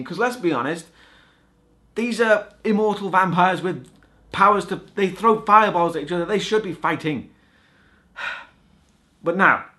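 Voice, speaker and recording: A man's voice: a little high, sharp tone. A man giving a casual spoken film review, sarcastic and swearing a lot, often stumbling and restarting his sentences.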